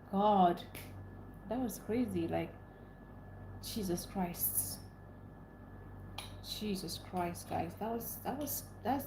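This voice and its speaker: A young Nigerian woman hosts a casual livestream, reading viewers' comments aloud and greeting them by name while emotionally ranting about how upset she is. Her voice is medium-pitched and a little mellow. The audio is poor and reverberant, with a little hiss or hum.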